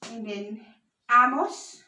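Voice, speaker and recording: A woman's voice: a little high, sharp tone, distant mic. A woman teaching a beginner language lesson, explaining patiently step by step. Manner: slow, patient explaining with frequent "so" and "now". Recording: echoey room, voice set back from the mic.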